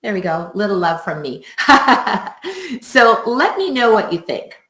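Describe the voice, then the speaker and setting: A woman teaching music teachers in a live webinar, upbeat and expressive, laughing often. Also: medium pitch, measured pace. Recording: roomy echo.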